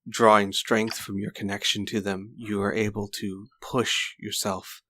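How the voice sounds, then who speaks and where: A man narrating a tabletop game as game master in a slow, deliberate storytelling manner. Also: lowish voice, flat delivery, sharp tone.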